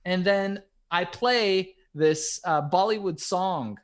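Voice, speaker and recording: A man co-hosting a podcast, telling stories in a vivid, animated way with plenty of fillers. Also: high voice, slow. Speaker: podcast co-host. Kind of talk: casual storytelling chat.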